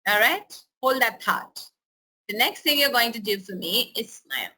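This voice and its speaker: Woman running a pregnancy class online, bright crisp voice, calm step by step breathing cues. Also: a little high, normal speed. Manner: instructive, calm step-by-step coaching. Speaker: prenatal educator. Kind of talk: webinar talk with guided breathing exercise.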